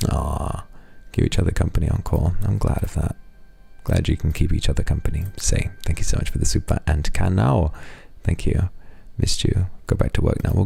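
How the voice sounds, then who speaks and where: Very deep, gravelly-voiced man streamer. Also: dry recording. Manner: warm, affectionate thank-yous with playful asides. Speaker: streamer reading donations. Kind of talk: casual live-stream chat.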